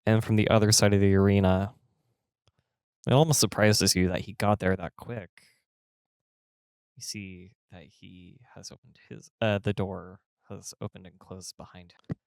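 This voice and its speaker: A man's voice: on the low side, steady tone, normal speed, gravelly, darkish tone, clean tone, no room sound, clean studio sound. A man narrating a tabletop game as game master, casual and rambling.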